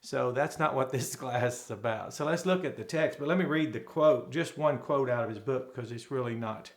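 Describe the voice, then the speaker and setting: A man's voice: mid-range voice, normal speed. Man from Arkansas, classroom Greek teacher, rambling and self-correcting, echoey room. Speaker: Bible teacher.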